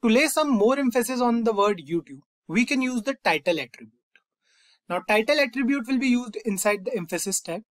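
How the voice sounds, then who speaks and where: A young man hosting a coding tutorial, calmly walking through each step and often saying "fine" and "over here". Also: very high-pitched, a little fast, dry recording. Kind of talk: screen-recorded coding lesson.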